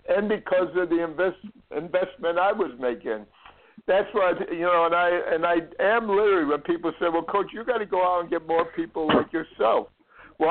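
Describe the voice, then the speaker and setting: A man who coaches tennis, speaking earnestly in a halting way and restarting his words. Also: fairly high pitch. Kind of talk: casual conversation. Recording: tinny phone line.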